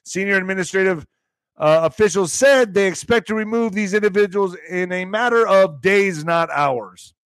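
Brief: mocking male vlogger doing news commentary, high voice, dry close sound. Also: moderate pace, fairly bright tone, dry recording. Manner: brash, mocking, profane.

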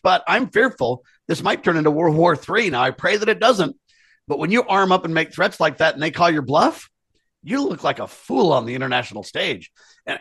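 A man talks politics as a co-host, leaning hard on his points and speaking straight to the audience. His voice is somewhat husky and sits a bit high. The recording is close and dry. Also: fairly bright tone, dry recording. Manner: earnest, emphatic, addresses listeners directly. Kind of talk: political commentary chat.

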